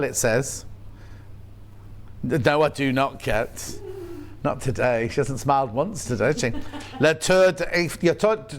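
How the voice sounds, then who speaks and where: A Yorkshire-accented man presents live on a shopping channel, chatty and playful and full of jokey asides. His voice sits on the high side.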